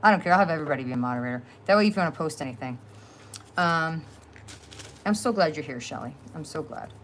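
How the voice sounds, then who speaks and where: Chatty New Jersey woman, lowish voice. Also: lively intonation, fast talker, slight background noise. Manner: chatty, rambling, laughs often. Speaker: crafting livestream host. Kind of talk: casual live-stream chat.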